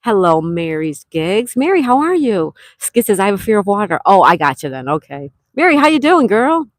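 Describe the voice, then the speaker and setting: Broadcasting from a campsite cabin, a Western New York woman runs a laid-back livestream, saying hi to viewers by name and reading their comments out loud while chatting. Her voice sits on the low side and sounds animated. She speaks at a normal speed, and there's no echo.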